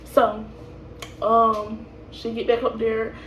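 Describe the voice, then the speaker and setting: A woman's voice: on the high side, monotone, slow, a bit bright, muffled recording, a little hiss or hum. A young woman telling her birth story casually, rambling and laughing, with lots of fillers and restarts. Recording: echoey room, voice from a distance.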